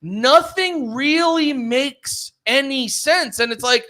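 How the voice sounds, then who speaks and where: A man co-hosting a podcast in casual chat, ranting in an animated and profane way. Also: very high-pitched, takes it slowly. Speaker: podcast co-host.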